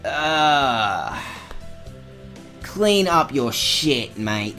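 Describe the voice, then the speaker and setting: A woman's voice: extremely low pitch, very animated, fairly bright tone, faint music behind. A woman commenting casually on a game as a let's-play host, profane and sarcastic. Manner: profane, sarcastic, slow drawling.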